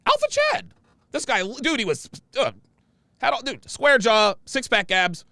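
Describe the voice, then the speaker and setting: A man's voice: high-pitched, lively intonation, a little slow, creaky, sharp tone, no echo. A man hosting a casual livestream, reading viewer comments aloud in a brash, emphatic way and repeating his phrases.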